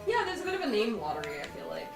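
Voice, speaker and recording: A woman's voice: on the high side, wildly swooping pitch, rapid-fire. Chatty young woman in a roomy room. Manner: chatty, playful, drifts into mock sales voices. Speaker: co-host of a game playthrough. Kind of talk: casual let's-play chat. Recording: roomy, distant mic, game music behind.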